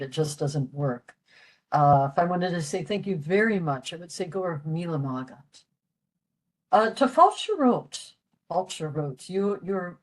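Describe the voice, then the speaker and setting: Older woman presenter, low voice, unhurried delivery, repeats each phrase, lots of ums. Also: a little mellow. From western Pennsylvania. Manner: slow, repeats phrases, hesitant fillers. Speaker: Irish language presenter. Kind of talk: library presentation on Irish language.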